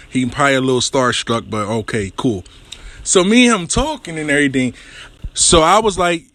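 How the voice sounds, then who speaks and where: A man hosting his own show who tells a story in a casual, profane, animated way and acts out the voices and sounds. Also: a little high, fast talker, dry recording. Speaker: show host.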